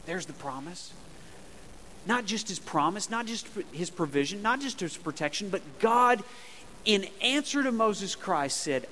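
A man's voice: high-pitched, expressive, moderate pace, pushed and bright, slight background noise. A man preaching a sermon as pastor in a church, emphatic and conversational, drawing the congregation into call-and-response. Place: church sanctuary. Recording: long reverb of a large hall.

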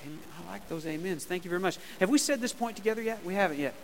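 A man's voice: high voice, rapid-fire, gravelly, slight background noise. A man preaching a sermon as pastor in a church, emphatic and conversational, drawing the congregation into call-and-response. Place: church sanctuary. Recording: long reverb of a large hall.

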